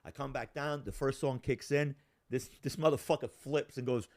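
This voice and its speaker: A man telling a story in casual talk, profane and animated, acting out the voices of the people in it. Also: mid-range voice, moderate pace, background noise. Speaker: storyteller guest.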